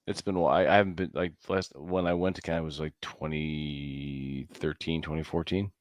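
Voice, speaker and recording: A man co-hosting a casual podcast, talking with halting restarts and repeated words. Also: very deep voice, steady tone, dry recording. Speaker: podcast co-host. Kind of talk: casual chat.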